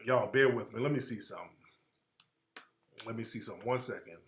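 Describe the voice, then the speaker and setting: A man's voice: lowish voice, a little fast, a bit bright, a little hiss or hum. Slangy, echoey male radio host. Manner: slangy, rambling, trails off while looking things up. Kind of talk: casual commentary to listeners.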